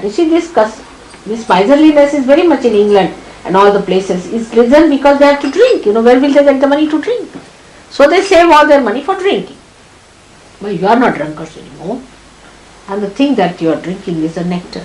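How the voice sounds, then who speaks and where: A woman's voice: high voice, low-quality recording. A woman with an Indian accent giving a sermon to her followers in a scolding, exasperated manner, her tone swinging widely. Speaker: spiritual teacher. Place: hall. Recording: archival 1983 talk with faint background noise.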